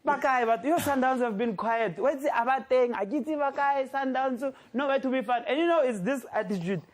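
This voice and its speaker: South african comedy guy, super high voice, cracking jokes on a sports show, laughs a lot. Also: a little fast. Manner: joking, laughing through lines, mixing in local slang.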